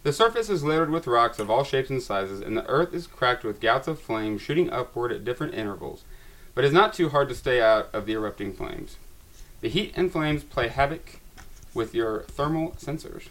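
A man's voice: medium pitch, animated, normal speed, fairly bright tone. A man reads the story text of a tabletop game aloud to friends around the table. His narration turns dramatic at the tense moments. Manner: dramatic narration, laughs at himself.

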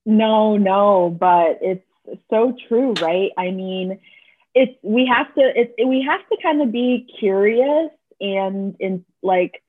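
A woman's voice: medium pitch, slow, slightly rough. A woman therapist, a guest on the podcast, speaking thoughtfully and often ending points with rhetorical questions. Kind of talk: casual interview talk. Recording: tinny phone-like call audio.

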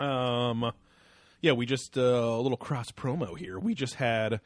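A man's voice: mid-range voice, a little slow, dry recording. A man co-hosting a podcast, talking in loose, crude banter full of fillers and frequent laughs. His voice sits in the middle range for a man. It is recorded close and dry, with no room sound. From West Coast of the US. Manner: laughs often, rambling with many fillers. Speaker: podcast co-host. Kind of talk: casual crude chat.

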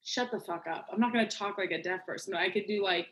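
A woman guesting on a casual podcast chat, blunt and giggly, often trailing off softly. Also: mid-range voice, quick pace.

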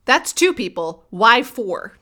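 Wry, bright-voiced woman recapping a show. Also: a little high, big pitch swings, slight background noise. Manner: quick, wry and profane, acting out lines from the show in a mocking voice. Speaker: podcast co-host recapping a TV episode. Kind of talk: casual recap chat.

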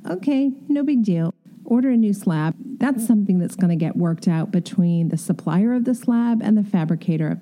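A woman's voice: lowish voice, mellow. A middle-aged woman, an interior designer, telling candid, self-deprecating stories from her work and giving emphatic advice. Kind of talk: storytelling advice talk.

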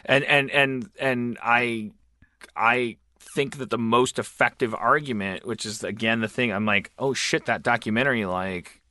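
A man co-hosting a casual podcast chat, excitable and profane, often stammering and restarting his sentences. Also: medium pitch, measured pace, dry recording, studio quality. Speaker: podcast co-host.

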